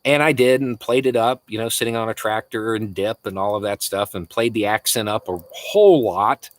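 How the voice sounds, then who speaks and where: On a dry recording, this Florida livestream host speaks at a moderate pace with a voice on the low side and a Southern accent. He responds to viewers' messages in a relaxed Q&A, with frequent laughs and halting false starts.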